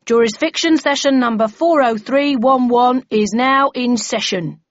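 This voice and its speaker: A woman voicing a brisk male town crier who loudly announces the start of a meeting in an audiobook. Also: on the high side, animated, dry recording, muffled recording, pitched above the performer's own voice. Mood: officious.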